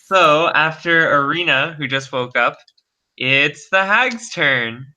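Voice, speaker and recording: A man narrates a tabletop game as its game master. He talks very slowly and haltingly, filling pauses with ums. His voice is very bright. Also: on the high side, low-quality recording. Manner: halting, with many ums and uhs.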